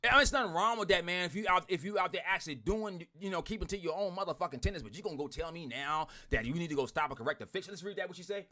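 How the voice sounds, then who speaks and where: A man ranting bluntly to his online group, swearing a lot, repeating himself and swinging from loud outbursts to muttering. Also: high voice, lively intonation, rapid-fire, few pauses. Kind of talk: heated profane rant to followers.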